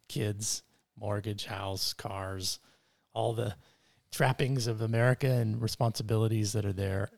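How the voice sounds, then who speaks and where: A man hosting a podcast, asking thoughtful, measured interview questions. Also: fairly low pitch, vocal fry, a little mellow, no room sound. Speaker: podcast host.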